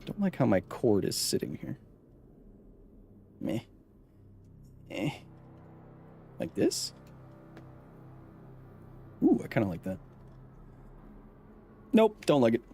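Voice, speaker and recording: A man chatting casually on a live stream, rambling and cutting himself off, quick to laugh. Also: mid-range voice, huge pitch swings, vocal fry, warm tone, a little hiss or hum.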